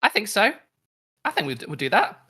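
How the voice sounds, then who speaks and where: A woman's voice: medium pitch, big pitch swings, normal speed, pushed and bright, husky. A woman playing a tabletop game, speaking casually with hesitations. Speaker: player.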